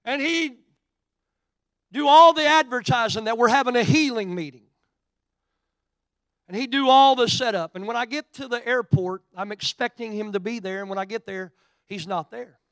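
A middle-aged man from Oklahoma with an Oklahoma accent, preaching a sermon and telling a story, shifting from quiet asides to loud, emphatic preaching. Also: very high voice, normal speed, pauses often, smooth, dry recording. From Oklahoma, USA.

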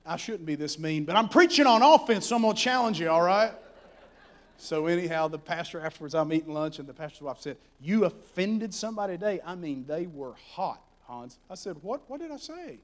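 Telling Bible stories in an animated sermon, this preacher has a voice that sits high and moves briskly, shifting between quiet asides and shouts.

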